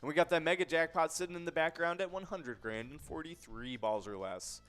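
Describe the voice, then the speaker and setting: Upbeat male live-stream bingo host. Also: a little high. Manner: energetic, hypey, quick to laugh.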